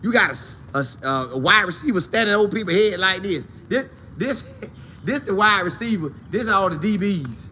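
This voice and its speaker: A man hosting a casual football talk show, animated and slangy, talking straight to his viewers. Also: high voice, moderate pace, a little hiss or hum. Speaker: sports show host.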